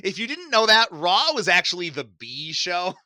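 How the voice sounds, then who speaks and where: A podcast co-host chats casually, telling stories animatedly and laughing a lot. His voice is high-pitched at a moderate pace, with no echo.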